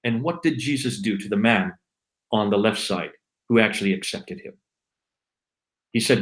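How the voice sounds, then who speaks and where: A man's voice: on the low side, normal speed, long pauses, fairly bright tone, poor audio. A man giving an impassioned, preaching monologue on a livestream, exhorting listeners with repeated, emphatic refrains. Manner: fervent, exhorting. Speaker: livestream co-host, Christian apologist.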